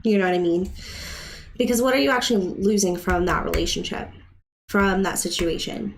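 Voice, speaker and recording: A woman's voice: medium pitch, normal speed, creaky, slight background noise. Chatty woman tarot reader on a live stream. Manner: chatty, emotional, talks straight to viewers.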